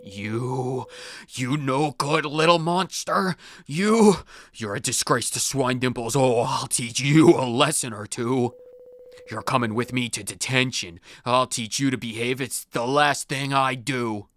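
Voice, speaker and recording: A man's voice: medium pitch, unhurried, a bit bright, a little hiss or hum, lightly acted. A man doing a scolding schoolmaster ghost. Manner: scolding, indignant. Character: angry ghost of a strict old schoolmaster.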